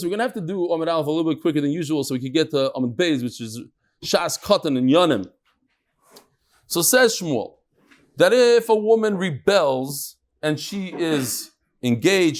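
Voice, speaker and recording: A middle-aged man leads a daily Talmud class in a lively, jokey way, his voice sitting a little high for a man. He shifts between plain English and Hebrew-Aramaic terms as he explains. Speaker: Talmud class teacher and host. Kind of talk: lively Talmud lesson to a live group.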